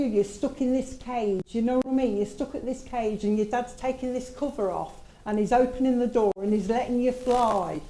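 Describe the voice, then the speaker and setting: A woman's voice: fairly high pitch, warm tone, low-quality recording. A woman working as a medium, relaying messages from spirit in a chatty way with asides. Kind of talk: mediumship demonstration at a service.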